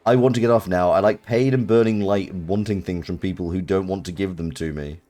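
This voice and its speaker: A man's voice: low-pitched, a little fast, dark tone. A British man streaming a video game live, reacting with amused laughter. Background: faint game music.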